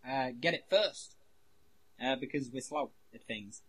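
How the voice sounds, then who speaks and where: A man's voice: mid-range voice, a little slow, a bit bright, breathy edge, rough recording. A man co-hosting a podcast in casual chat, rambling and cutting himself off, swearing freely. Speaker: podcast co-host.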